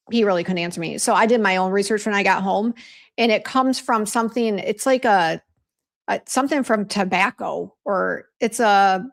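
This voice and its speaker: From her home office, a middle-aged woman who formulates skincare runs a relaxed live show, chatting to her audience and flustering easily. She has a gravelly, mid-range voice.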